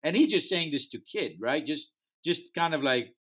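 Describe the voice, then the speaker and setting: A man who founded a music festival tells an interview story in animated fashion, acting out quoted dialogue in slightly non-native English. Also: a little high, moderate pace, husky.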